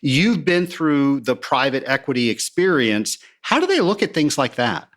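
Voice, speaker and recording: A man hosting a podcast interview, setting up long, measured questions for his guest. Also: mid-range voice, sing-song. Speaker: podcast host.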